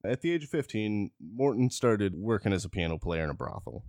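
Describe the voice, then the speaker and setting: A man's voice: on the low side, big pitch swings, fairly quick, a little mellow, no room sound, clean studio sound. A man hosting a casual podcast, rambling and joking as he tells a history, stumbling over names. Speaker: podcast host. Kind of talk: casual chat.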